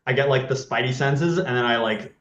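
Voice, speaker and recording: A man's voice: mid-range voice, brisk, fairly bright tone, highs cut off, slight background noise. A man playing a tabletop game, loosely describing his moves with lots of likes. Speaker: player. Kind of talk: casual tabletop game talk. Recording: roomy echo.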